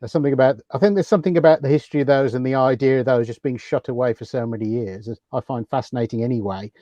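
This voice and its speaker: A man on a paranormal chat panel, answering thoughtfully and quickening when he gets enthused. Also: mid-range voice, warm tone, no room sound, dull audio.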